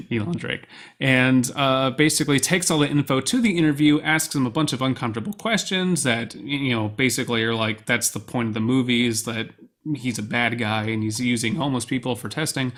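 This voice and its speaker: A young man co-hosting a podcast, chatting casually and excitedly, rambling and swearing freely. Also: mid-range voice, a little fast. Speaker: podcast co-host. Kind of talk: casual chat.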